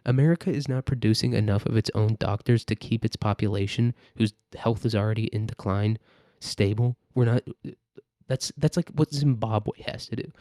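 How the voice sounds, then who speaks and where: A man rants alone on his podcast in a loose, rambling, sarcastic way, swearing freely. His voice is mellow and dark. It sounds dry and close, with no room echo. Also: lowish voice, moderate pace. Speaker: podcast host. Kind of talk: casual solo rant.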